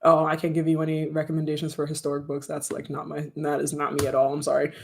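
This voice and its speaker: A young adult streamer chatting casually with viewers, rambling, slangy and quick to laugh. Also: mid-range voice, fairly even intonation, gravelly. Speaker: streamer and audio creator. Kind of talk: casual livestream chat with viewers.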